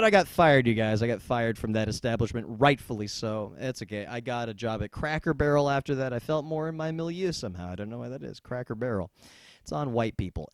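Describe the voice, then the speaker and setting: A young man performing a stand-up comedy set, dropping into deadpan asides and bursting into loud yells. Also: mid-range voice, dry recording.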